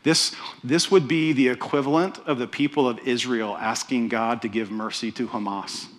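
The pastor's voice here is medium in pitch and moderate in pace. He preaches conversationally, telling stories with animation and often starting his phrases over.

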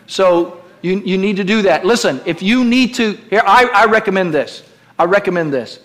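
Male pastor, middle-aged, emphatic sermon, high voice, bright tone. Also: expressive, normal speed. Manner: emphatic preaching with call-and-response prompts. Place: church.

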